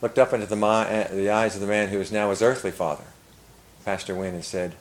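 An older man preaching, telling a story earnestly and rising to loud emphasis. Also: lowish voice, steady tone, fairly quick, slight background noise, rough recording. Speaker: pastor. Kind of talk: sermon storytelling.

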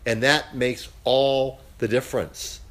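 A man at a mid pitch leads a casual Bible study. He speaks in halting bursts, full of filler sounds, as he works through his points for the class. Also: fairly even intonation, a bit bright.

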